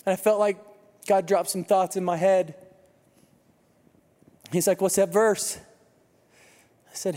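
A man with a high-pitched voice gives a sermon in a conversational, storytelling way. He sounds congested, and the long reverb of a large hall trails after each phrase. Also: level tone, takes it slowly, long pauses, mellow. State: congested from crying. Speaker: pastor.

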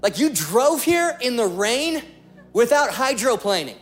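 A man voicing a blunt older tire salesman with a Texan accent and a slow, low drawl. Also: very animated, soft background music, exaggerated voice. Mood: shocked.

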